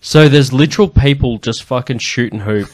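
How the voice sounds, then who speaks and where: A man's voice: medium pitch, normal speed. A young man hosting a comedy podcast, telling school stories in a loose, casual way with plenty of swearing. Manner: swearing, loose, laid-back storytelling. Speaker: podcast host. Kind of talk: casual chat.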